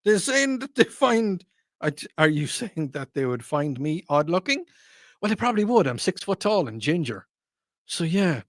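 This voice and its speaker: A man's voice: a little high, sing-song, moderate pace, no room sound. A man hosting a casual call-in radio talk show, chatty and self-mocking as he reads out listener texts on a studio microphone.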